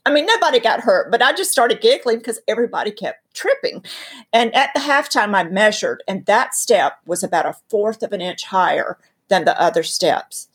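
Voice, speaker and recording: A woman with a Southern drawl, her voice soft and breathy, speaks as a guest about faith. She tells stories and drives her points home with preacherly emphasis, at a middling pitch. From North Carolina. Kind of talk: earnest faith teaching in conversation.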